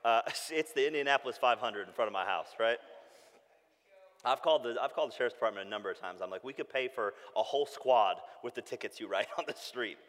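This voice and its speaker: A man, preaching a sermon with animated storytelling that turns soft and hushed when he reflects. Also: medium pitch, quick pace, big-room sound. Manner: animated storytelling, shouting when acting out calls. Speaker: pastor.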